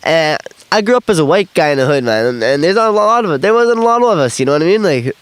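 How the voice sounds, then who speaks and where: A man's voice: on the high side, very animated, quick pace, clean tone, no room sound. A young man telling stories from his life in a rambling, profane, laughing way, recorded outdoors in an interview. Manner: rambling, profane, laughs often, acts out quotes and freestyles. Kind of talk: casual storytelling interview. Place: outdoors on grass.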